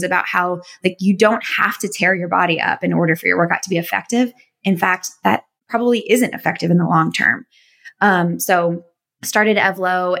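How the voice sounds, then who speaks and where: A woman's voice: on the low side, vocal fry, a bit bright. A woman in her thirties, a physical therapist and fitness business owner, talking as an enthusiastic, chatty interview guest. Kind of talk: casual interview chat.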